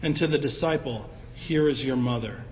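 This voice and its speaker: A man preaching a sermon in a conversational, animated way, acting out the voices of the people in his story. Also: medium pitch, moderate pace, a little hiss or hum. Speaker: pastor. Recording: roomy hall with long echo, dull sound, faint ambience.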